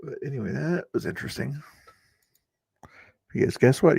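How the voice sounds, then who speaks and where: A man streaming from a home setup, talking in an offhand, chatty way with sarcastic asides. His voice is mid-pitched and recorded close, with a very dry sound and no room echo. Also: moderate pace, creaky, long pauses, darkish tone, breathy edge. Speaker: streamer and channel host. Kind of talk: casual live-stream commentary.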